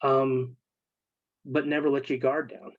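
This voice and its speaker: A man speaks in a medium voice, earnest and halting as he shares emotional personal stories. The audio is dull and dry, like a remote call. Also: mid-range voice, little pitch movement, no room sound. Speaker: guest, military veteran. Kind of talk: casual storytelling interview.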